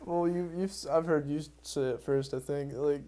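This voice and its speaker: A man with a slightly higher voice who rambles through loose podcast chat. He gets animated, laughs a lot and swears without a second thought. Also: moderate pace. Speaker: podcast host.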